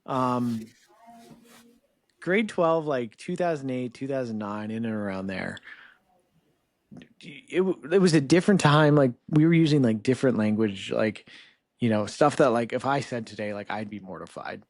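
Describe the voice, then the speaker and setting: A man in his thirties from Canada, a podcast guest talking in a relaxed, rambling way full of "like" and "you know". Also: mid-range voice, moderate pace, no echo, studio quality. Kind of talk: casual interview chat.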